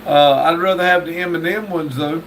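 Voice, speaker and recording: A livestream host reads viewer messages aloud and answers them with wry jokes. His voice is a little high and a bit bright, with a steady tone and moderate pace. The mic is distant, with faint background noise.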